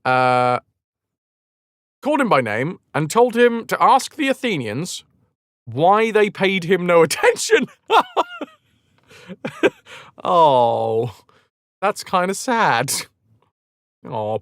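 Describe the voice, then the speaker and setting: A streamer reads an old history aloud and cuts in with sarcastic jokes, his somewhat high voice swinging up and down a lot. It sounds close and dry, with no room echo. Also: huge pitch swings, takes it slowly, long pauses, fairly bright tone. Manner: sarcastic, joking. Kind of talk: reading history aloud with comic asides.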